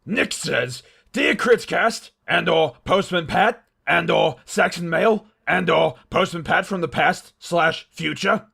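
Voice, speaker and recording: A man plays a loud, self-important Australian boss with a raised, gravelly, slightly husky voice. He booms through comic letters as if every word were a boast. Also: takes it slowly, hardly any pauses, exaggerated voice. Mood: blustering. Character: brash boastful Australian company boss, male, middle-aged. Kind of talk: comedic mail reading in character.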